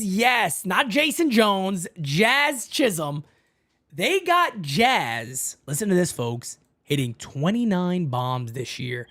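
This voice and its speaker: Hosting a casual sports chat live from her home setup for a fan channel, a woman with a voice on the high side is eager and talkative. She often calls her audience "folks" and "man."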